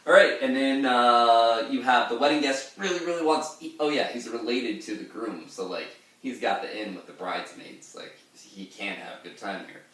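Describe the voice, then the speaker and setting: A man giving a casual lesson on a poem, rambling through his explanations and sometimes breaking into a loud, gruff pirate voice to read the verses. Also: mid-range voice, normal speed, hardly any pauses, distant mic. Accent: pirate-style put-on accent in readings. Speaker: literature lecturer. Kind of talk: informal poetry lesson with pirate-voiced readings. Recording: echoey room, voice a bit off-mic.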